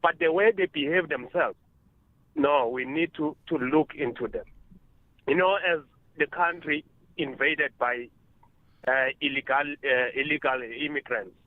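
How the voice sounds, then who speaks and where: A man's voice: a little high, measured pace, dry recording. A man with a South African accent calling in to a radio show, complaining in an indignant, emphatic way. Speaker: caller. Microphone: phone. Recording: tinny phone line.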